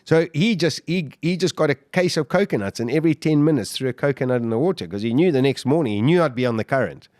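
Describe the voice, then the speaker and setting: A man, a podcast guest, telling his survival story in an animated way, full of restarts and repeated words. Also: mid-range voice, fast talker, few pauses, no echo, studio quality. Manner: vivid, animated retelling with restarts. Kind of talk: interview storytelling.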